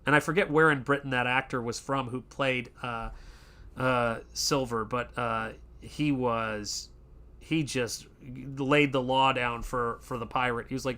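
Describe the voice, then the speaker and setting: A man's voice: medium pitch, fairly even intonation, sharp tone. A man hosting an art channel, chatting casually and rambling, with many fillers and restarts. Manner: does quick pirate voices in quotes. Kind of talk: casual livestream chat.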